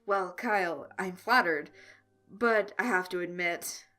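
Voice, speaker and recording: A woman playing a deadpan teenage comedian. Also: fairly low pitch, measured pace. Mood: teasing. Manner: deadpan with small stutters.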